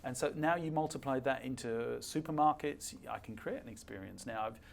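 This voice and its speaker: A man's voice: mid-range voice, brisk, creaky. An older man, a guest speaker at a fireside chat, telling stories emphatically and acting out the dialogue.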